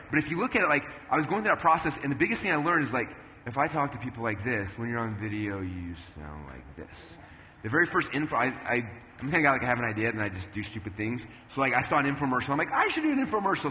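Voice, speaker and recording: A man in his thirties giving an energetic stage talk at a business event, telling animated stories and jumping into loud character voices. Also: fairly high pitch. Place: event stage in a large hall. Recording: long hall reverb, faint room noise.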